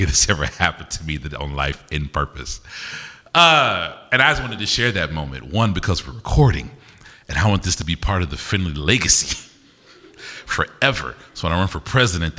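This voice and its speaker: A man's voice: low-pitched, pushed and bright. A man performing live in a university auditorium, joking and doing call-and-response with the audience. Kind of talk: stand-up style crowd work. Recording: reverberant hall, live event.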